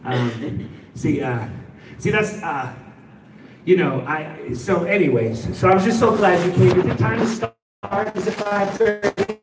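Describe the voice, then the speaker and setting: A man's voice: high-pitched, unhurried, background noise. A man from Chicago doing a rambling stand-up set on stage, restarting lines and acting out characters. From Chicago, USA. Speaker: stand-up comedian. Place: live comedy show stage. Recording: echoey room, distant mic, crowd. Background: audience laughter.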